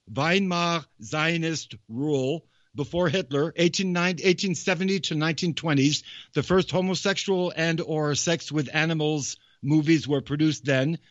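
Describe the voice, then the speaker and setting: A man's voice: fairly high pitch, no echo. A man hosting a show, talking in a casual, meandering, digressive monologue with frequent restarts. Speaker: show host. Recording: dry, dull recording.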